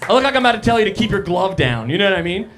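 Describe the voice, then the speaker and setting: A young man does stand-up on a small cafe stage, his voice sitting fairly high for a man. He talks loosely and casually, riffing with the crowd and poking fun at himself into a handheld mic. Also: sing-song, rapid-fire, fairly bright tone. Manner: casual, self-deprecating banter with the crowd. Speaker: stand-up comedian. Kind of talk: live stand-up set. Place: live comedy cafe stage.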